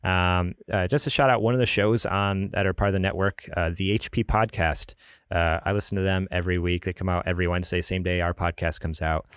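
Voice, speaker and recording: Guy hosting a gaming podcast, deep voice, rambly and laughy, dry sound. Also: steady tone, fairly quick, smooth, no room sound. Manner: chatty, rambling, laughs often. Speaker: podcast host. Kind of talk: casual podcast chat.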